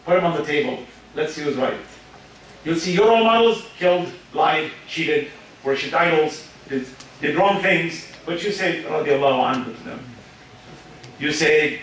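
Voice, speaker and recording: Guy preaching fired up, high voice, big echoey hall, sounds far from the mic. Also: animated, normal speed. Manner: impassioned, rhetorical questions, rising to shouts. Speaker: speaker. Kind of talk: religious lecture. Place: large hall at an Islamic centre.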